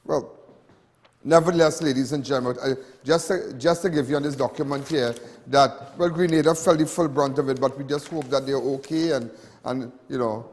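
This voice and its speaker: A man's voice: medium pitch, moderate pace, darkish tone, long reverb tail. A man with a Trinidadian accent hosting a live TV talk show, rambling in a chatty way with many restarts and asides. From Trinidad and Tobago. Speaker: host.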